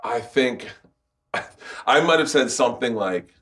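A man's voice: mid-range voice, lively intonation, measured pace, fairly bright tone. A man in his fifties hosting a podcast, telling stories in casual chat, swearing freely and laughing often. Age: 50s. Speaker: podcast host.

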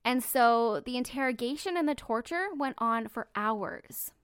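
A woman's voice: a little high, lively intonation, a little slow, smooth, dry recording, clean studio sound. A woman hosting a true crime podcast, telling the story bluntly and emphatically, swearing casually.

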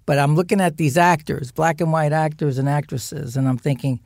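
Animated man telling a family story. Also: on the high side, brisk, creaky, hardly any pauses, dry recording, clean studio sound. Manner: animated, acts out scenes, many restarts. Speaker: guest actor. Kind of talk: casual storytelling in an interview. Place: studio.

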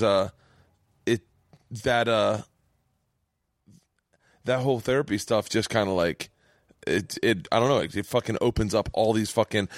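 A man's voice: on the low side, no room sound. A man hosting a podcast, chatting in a candid, rambling, reflective way on a studio mic. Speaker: podcast host. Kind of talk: casual podcast chat.

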